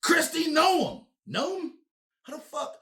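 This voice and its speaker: A man's voice: very animated, slow pace. A man giving sarcastic, profane ranting commentary, mocking and theatrical. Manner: mocking, profane, theatrical swings in pitch and loudness. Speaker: commentary host.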